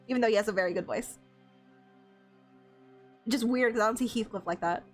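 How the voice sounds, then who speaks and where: A young woman streaming a game, reacting with giggles and excitement and reading the game text aloud. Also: on the high side, brisk, soft background music.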